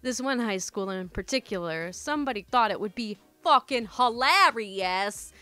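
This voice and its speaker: A woman's voice: a little high, animated, moderate pace, pushed and bright, clear, resonant tone, no echo. A woman hosting a storytime channel, reading stories and chatting casually, swearing and calling listeners "my dudes".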